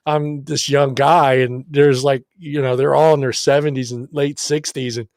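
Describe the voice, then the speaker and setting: A middle-aged man spins a story on a casual podcast. He is animated, swears often and acts out the other people's lines. His voice sits in a middle range and sounds dry and close. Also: mid-range voice, normal speed, dry recording. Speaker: podcast co-host.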